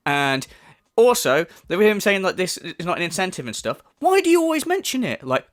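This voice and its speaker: A man's voice: high voice, sing-song, a little fast, a bit bright. A man doing a profane commentary rant, scornful and mocking, with heavy swearing. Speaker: commentary YouTuber.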